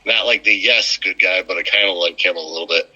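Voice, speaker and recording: A man's voice: deep voice, a little fast, bright, forceful tone, husky. A man co-hosting a podcast, chatting easygoingly about wrestling, laughing and agreeing a lot. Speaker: podcast co-host. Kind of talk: casual wrestling chat. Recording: muffled lo-fi sound.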